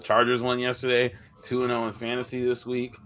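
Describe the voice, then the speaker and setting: A relaxed man co-hosting a sports podcast, teasing his friends in easy chat. His voice sits at a middle pitch and stays casual throughout. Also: fairly quick. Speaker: podcast co-host.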